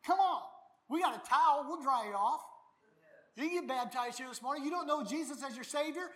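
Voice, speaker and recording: A middle-aged male pastor preaching a baptism sermon in a folksy, animated way, sometimes breaking into shouts. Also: very high-pitched, brisk.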